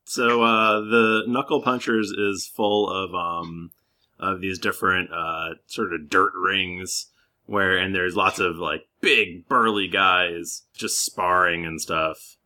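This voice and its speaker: Bright-voiced game master narrating. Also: male voice, sits low. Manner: relaxed, halting, with fillers.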